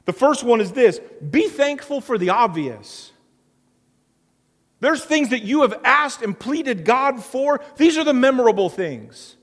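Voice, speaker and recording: Man, pastor, high-pitched voice, earnest preaching cadence, long hall reverb. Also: lively intonation, a little slow, fairly bright tone. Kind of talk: sermon.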